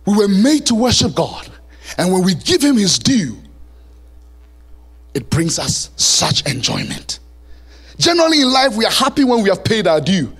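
A male pastor preaching a sermon in a church, animated and lively, now and then singing a line. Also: high voice, normal speed, long pauses, husky. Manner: animated preaching, sings song lyrics and plays voices.

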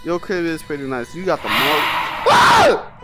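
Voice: mid-range voice, quick pace, loud music behind the voice. A young adult gamer giving let's-play commentary, taunting and cursing at an unseen ghost and getting easily startled. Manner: taunting, profane, trash-talking the ghost. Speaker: gamer playing a VR horror game.

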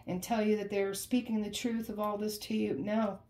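This is a woman in the middle of a casual tarot reading, talking straight to her viewers. Her voice sits at an ordinary pitch for a woman. She speaks emphatically and conversationally and keeps circling back to repeat her phrases. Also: level tone, moderate pace, mellow. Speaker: tarot reader.

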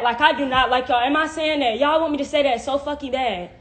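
A woman's voice: high voice, quick pace, hardly any pauses, fairly bright tone, slight background noise. A young woman venting on a phone live stream, confrontational and heavily profane, peppering everything with "like". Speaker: livestreamer.

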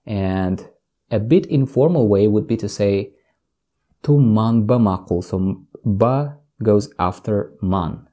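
A man's voice: on the low side, mellow. A man from northern Tajikistan with a Tajik accent, patiently teaching words in a casual language lesson and repeating each one. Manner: patient, explains slowly with examples and repeats words.

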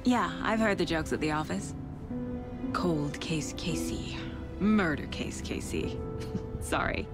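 An actress playing a sharp, determined investigator, speaking in a brisk, analytical way in video game dialogue. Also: female voice, deep voice, over loud music. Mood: wry.

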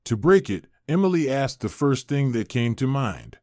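Guy reading a story aloud, lively tone that moves around a lot, dry close sound. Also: medium pitch, moderate pace, dry recording. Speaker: narrator. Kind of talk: scripted story narration.

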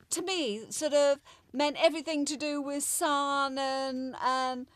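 An older Englishwoman with a refined, well-spoken accent recalls her past with animated, expressive delivery. Her voice sits a little high. The recording is dry and close. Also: moderate pace, no room sound. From England, London. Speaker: interview guest, former child show actress. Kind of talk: casual reminiscing interview.

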